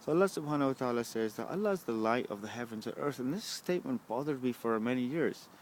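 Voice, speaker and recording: Standing at a bus stop, a young man vlogs to the camera, rambling quickly in an expressive, mid-range voice. There's a little background noise, and he peppers his talk with curses and frequent "right?"s.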